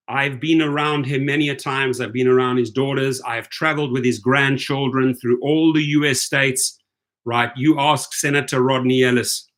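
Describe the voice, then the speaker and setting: Speaking in a mid-range, slightly bright voice, a rideshare channel host vents indignantly in commentary form. He keeps circling back to the same points and tacking on "right?" to check in with listeners.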